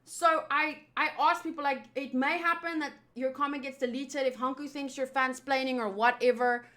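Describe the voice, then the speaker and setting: A young woman with a high, bright voice talks straight to her viewers, venting her frustration. She rambles, swears freely and circles back on herself as she complains. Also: fairly even intonation, normal speed. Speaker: streamer and host.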